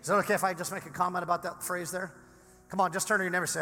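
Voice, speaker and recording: A hoarse male pastor preaching with rising energy, pushing his voice toward a shout. His tone is bright and sits a little high. The sermon rings out in a reverberant hall with faint music underneath. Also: little pitch movement, racing. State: hoarse, lost voice.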